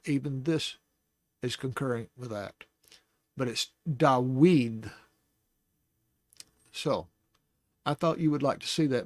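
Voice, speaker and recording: A man hosting a Bible study, teaching casually and thinking aloud, with restarts and soft laughs. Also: medium pitch, no room sound, clean studio sound.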